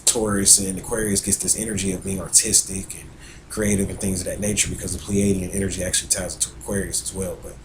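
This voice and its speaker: A man's voice: low voice, flat delivery, fast, noisy background. A man talking casually about astrology as an astrologer, rambling and conversational, with plenty of fillers and restarts. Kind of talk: casual spoken talk on astrology.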